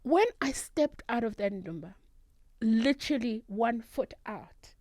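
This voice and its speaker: A South African woman, a guest and traditional healer, telling her story in an animated, emphatic way in a studio interview. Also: fairly high pitch, measured pace. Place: radio studio.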